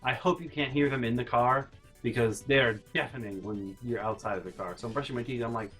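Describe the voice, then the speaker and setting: A man's voice: medium pitch, fairly even intonation, quick pace, a bit bright, faint music behind. A man telling a story as a vlog host, exasperated and incredulous, sick and a little out of breath. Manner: exasperated, incredulous rants with repeated no's. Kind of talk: casual storytelling monologue.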